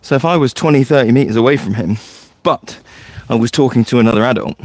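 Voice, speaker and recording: A man's voice: medium pitch, fast talker, slight background noise. A man, a forest school leader chatting casually and explaining things in a loose storytelling way. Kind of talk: casual podcast chat.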